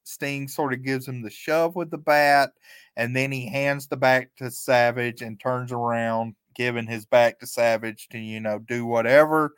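A man co-hosting a podcast, recapping events play by play in a relaxed, chatty way and chuckling often. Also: medium pitch, measured pace, smooth, no room sound. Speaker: podcast co-host. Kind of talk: casual recap chat.

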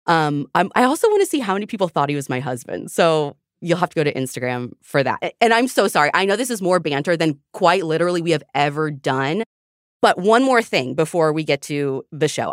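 A woman's voice: low voice, dry recording. Chatty woman podcast host, dry close sound. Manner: chatty, fast-talking, laughing. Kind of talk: casual chat.

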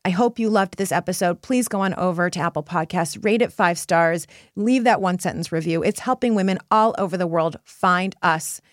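A woman's voice: fairly low pitch, normal speed, few pauses, no echo, clean studio sound. A woman hosting her own motivational podcast, speaking earnestly and encouragingly straight to her listeners as a purpose coach.

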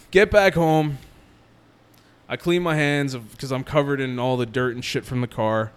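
A man's voice: mid-range voice, unhurried, clean tone. A young man casually telling a long story to friends, acting out what others said. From New Jersey. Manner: animated storyteller, acts out quotes, laughs often.

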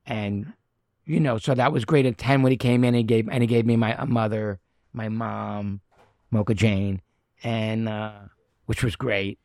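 A man's voice: lowish voice, fairly even intonation, a little slow, a little mellow, no echo, studio quality. A middle-aged actor telling anecdotes in a casual chat, acting out the people he quotes. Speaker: actor guest.

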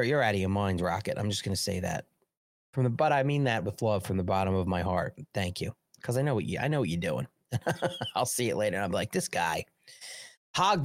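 A man's voice: on the low side, no echo, clean studio sound. An American man hosting a live stream, reading news aloud, breaking off to chat and thank viewers, rambling and profane. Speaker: live show host. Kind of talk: casual live-stream commentary.

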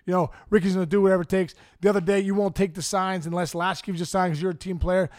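Stern manager briefing the team, a man doing the voice, high-pitched, dry sound. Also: flat delivery, quick pace, no room sound, close to an everyday voice. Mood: exasperated. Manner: briefing, explaining signs step by step. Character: stern middle-aged male baseball manager, lecturing.

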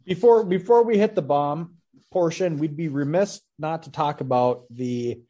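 A man with a slightly higher voice joins a podcast as a guest. He chats casually about a movie, dropping in profane jokes along the way. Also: a little slow, warm tone, muffled recording. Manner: joking, profane asides. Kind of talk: casual movie-review chat.

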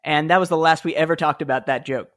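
A man in his thirties, a guest author and former speechwriter, telling anecdotes in an animated, self-deprecating way with quick restarts. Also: fairly high pitch. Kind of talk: conversational interview storytelling.

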